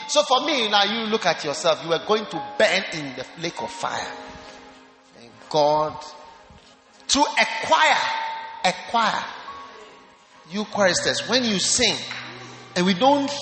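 A high, lively man's voice rings through a big church hall, bright and cutting. He is a bishop preaching in bursts, exclaiming and shouting over faint music. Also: unhurried, pauses often. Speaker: bishop leading a church service. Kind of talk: sermon with on-stage testimony interview.

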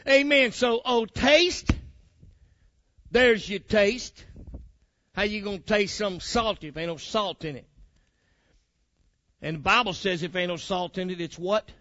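A man's voice: high voice, a little slow, pauses often, fairly bright tone, no echo. A man preaching a sermon, fiery and colloquial, calling out to his congregation. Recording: muffled lo-fi recording.

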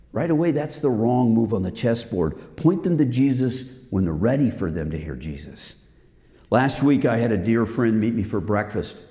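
A man's voice: on the low side, mellow. Earnest man preaching in echoing hall. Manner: earnest, emphatic, personal storytelling. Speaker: men's group teacher. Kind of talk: sermon-style lesson to men. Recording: echoey hall with long reverb.

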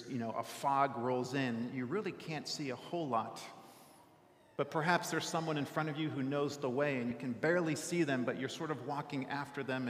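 Guy preaching a sermon, chatty, keeps saying right?, big echoey church, long reverb. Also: mid-range voice. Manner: conversational, often asks "right?".

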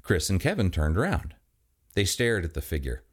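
A man hosting a story reading, introducing a comic tale and reading it with animated character voices. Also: moderate pace, slightly rough. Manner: animated, swings into high put-on voices. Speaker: host and story reader.

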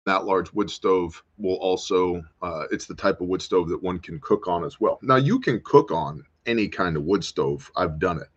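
Deep-voiced American male host, loose and jokey, reads chat aloud; dull lo-fi sound. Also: moderate pace, few pauses, slightly rough. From United States. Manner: rambling, joking, responds to viewer comments. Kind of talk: casual livestream talk reading chat.

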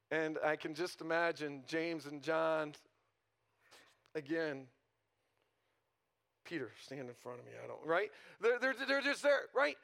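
A male pastor preaches in a church in an easy, conversational way. His voice is high and bright, and he keeps pulling the congregation in with rhetorical questions. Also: normal speed. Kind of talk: sermon.

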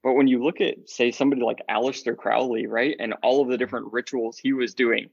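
Earnest male podcast guest, mid-pitched, dry close sound, slightly dull audio. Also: fast, creaky, husky, no room sound. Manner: earnest and lively, laughs often. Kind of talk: casual chat about faith.

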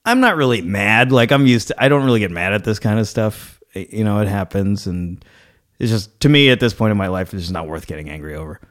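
Animated storytelling man. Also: fairly quick. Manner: animated storytelling, acts out quoted people with rising pitch. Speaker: podcast co-host. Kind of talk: casual chat.

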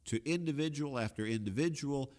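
A man's voice: medium pitch, a little fast, darkish tone, long reverb tail. A man co-hosting a conversational Bible discussion, explaining verses in plain everyday paraphrase. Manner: explains in plain paraphrase, acts out quoted lines. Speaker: Bible study co-host.

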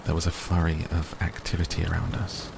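A man reading a novel aloud in steady first-person narration. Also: deep voice, a little fast, creaky, noisy background. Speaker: audiobook reader.

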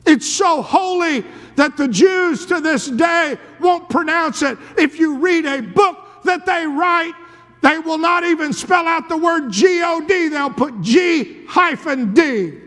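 A male preacher telling a story dramatically in a sermon, dropping to a hush and then rising to a shout. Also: extremely high pitch, slow pace. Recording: long reverb of a large hall.

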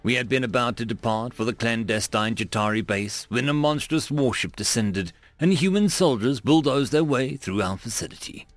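Expressive man narrating a story. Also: mid-range voice, moderate pace, few pauses, dry recording, soft background music. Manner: expressive, dramatic reading.

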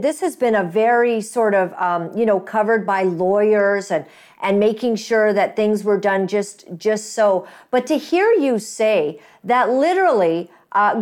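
A woman hosting an interview, speaking gratefully and effusively, with many fillers and restarts. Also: a little high. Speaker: host, interviewer. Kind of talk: casual interview talk.

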